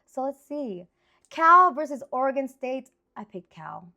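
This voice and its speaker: A woman in her thirties with a slightly high voice talks through her picks in a loose, chatty style. She rambles and jumps into excited exclamations, sounding animated and informal. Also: a little slow. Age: 30s. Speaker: sports picks host. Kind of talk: casual chatty sports picks.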